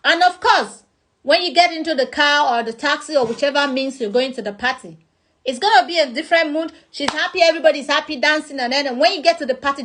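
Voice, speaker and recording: A woman's voice: high voice, fairly bright tone. A woman with a Nigerian accent explaining a topic in a chatty vlog, acting out examples. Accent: Nigerian English. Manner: chatty, uses acted-out examples. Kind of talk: casual explanatory talk.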